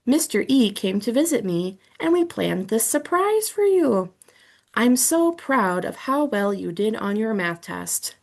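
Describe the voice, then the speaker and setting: A woman voicing a kind, middle-aged female schoolteacher who gently explains things to her class. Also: on the high side, big pitch swings, a little slow, gravelly, heavily acted. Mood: fond.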